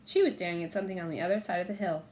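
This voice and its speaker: A woman narrating a children's audiobook in a clear, measured storytelling manner. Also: fairly low pitch, steady tone, darkish tone, slight background noise. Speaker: audiobook reader.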